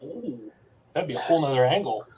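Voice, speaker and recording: A man in casual podcast chat, joking with quick quips. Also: mid-range voice, sing-song, darkish tone, rough recording.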